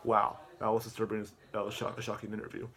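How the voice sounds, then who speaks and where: A man's voice: on the low side, monotone, fast, a bit bright. A man, a YouTube reviewer, retells a movie in a rambling rant, stammering and repeating words.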